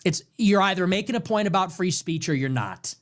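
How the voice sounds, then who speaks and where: A man hosting his own political commentary show. His voice sits a little high and leaps around with lively, animated pitch. He delivers an emphatic monologue, mocking and sarcastic, and repeats his points for force. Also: fairly quick. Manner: emphatic, repetitive. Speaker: show host.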